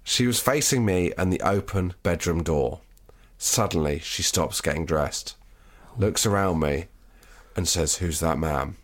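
Man, podcast co-host, low voice, casual chat, reads emails aloud. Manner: reads listener stories aloud, slows and drops his voice for the scary parts.

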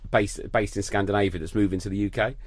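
A man's voice: fairly low pitch, fairly even intonation, quick pace, dry recording. A man, a comedian, telling a rambling, self-mocking story in casual chat.

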